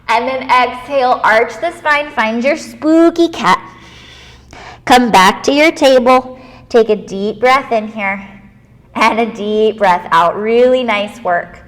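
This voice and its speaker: Playful kids yoga teacher, high woman. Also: slow, long reverb tail. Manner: gentle, playful, encouraging, with animal noises. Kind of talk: guided children's yoga class.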